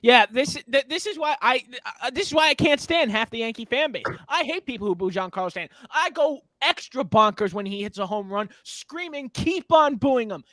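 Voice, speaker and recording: A man with a high voice co-hosts a sports talk show, emphatic and fired up in his opinions. The sound is dry and close, with no room echo. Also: expressive, brisk, hardly any pauses, bright, forceful tone.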